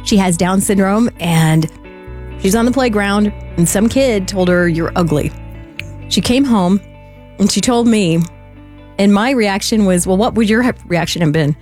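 A woman's voice: mid-range voice, unhurried, darkish tone, faint music behind. A mother co-hosting a Christian radio fundraiser, sharing a family story in an earnest, heartfelt way. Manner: earnest and heartfelt, laughs easily. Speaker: radio fundraiser co-host and parent. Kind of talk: on-air fundraising appeal, personal story.

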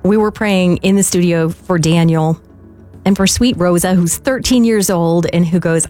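A woman co-hosting a fundraising radio show, warm and enthusiastic as she reads donor stories. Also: on the low side, moderate pace, soft background music. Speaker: radio co-host.

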